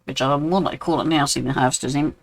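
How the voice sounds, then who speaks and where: A man's voice: mid-range voice, steady tone, quick pace, creaky, a little hiss or hum, poor audio. Chatty older New Zealand man streaming. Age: 60s. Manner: chatty, reads out and answers viewers' messages. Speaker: game streamer. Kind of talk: casual live-stream chat.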